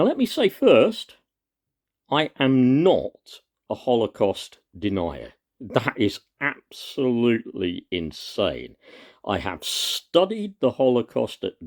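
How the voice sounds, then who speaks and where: A man giving an impassioned personal monologue to his viewers, earnest and emphatic, pausing often and stressing single words. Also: mid-range voice, a little mellow. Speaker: video commentator.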